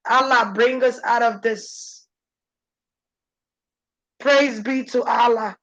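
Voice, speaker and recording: A woman's voice: steady tone, takes it slowly, long pauses, a bit bright, lo-fi sound. A woman speaking as a channeler in an intense, preachy spirit-channeling monologue. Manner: intense, preachy, shifting pitch.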